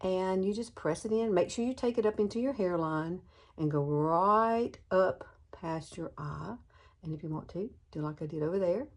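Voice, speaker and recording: A woman's voice: lowish voice, moderate pace. A woman in her sixties giving a chatty, enthusiastic makeup tutorial to the camera, calling her viewers girlfriends. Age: 60s. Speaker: beauty vlogger.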